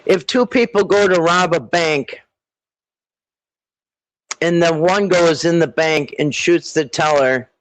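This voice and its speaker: A man hosting a casual live stream, rambling with halting restarts and frequent throat clearing. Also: fairly high pitch, no room sound, low-quality recording. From Minnesota.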